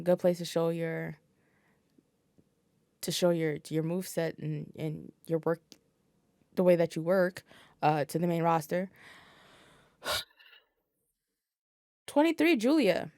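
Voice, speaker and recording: A woman talking as a podcast guest in casual, blunt chat, swearing freely and filling pauses as she thinks. Her voice sits a little low, and the recording is dry and close, with no room sound. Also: dark tone, no room sound. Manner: blunt and profane, with frequent fillers.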